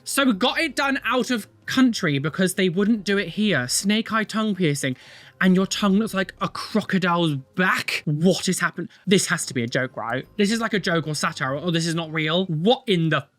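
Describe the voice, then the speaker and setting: A man commentates his reactions in a high, swooping voice. He sounds animated and blunt, and he scolds freely. The sound is close and dry, with no room echo. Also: fairly quick. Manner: animated and dramatic, gasping. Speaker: reaction vlogger.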